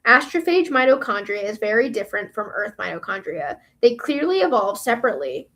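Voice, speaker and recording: A woman's voice: medium pitch, sing-song, a little fast, fairly bright tone. A woman reading aloud the lines of a stern, dismissive female scientist, scornful and argumentative.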